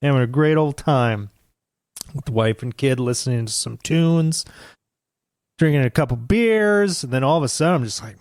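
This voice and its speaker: A man's voice: mid-range voice, animated, moderate pace, darkish tone, no echo, studio quality. A man, co-hosting a podcast and telling rambling, profanity-laced stories in casual chat. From United States. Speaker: podcast co-host.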